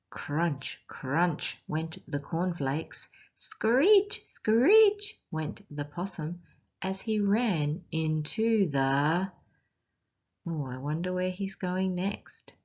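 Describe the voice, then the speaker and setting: Australian woman, teacher, unhurried picture-book read-aloud, expressive, asks children questions, lowish voice, dull lo-fi recording.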